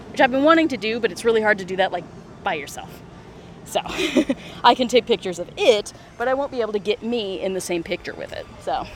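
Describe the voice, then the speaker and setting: Walking city streets with phone in hand, a US streamer plays a mobile game live and talks casually. The medium-pitched voice is chatty and filler-heavy, with frequent giggling and slight background noise.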